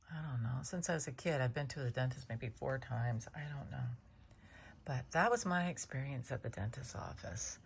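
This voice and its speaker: A woman casually telling a meandering personal story to her cat, chatty and full of restarts, sometimes dropping to hushed asides. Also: on the low side, vocal fry, slightly rough. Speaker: vlogger talking to her cat.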